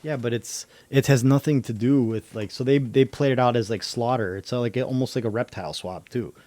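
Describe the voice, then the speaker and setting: A man's voice: medium pitch, brisk, mellow, no room sound. Man, livestream host, casual chat, profane, slangy, rambling, dry recording. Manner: heavy swearing, slangy; rambling conspiracy talk.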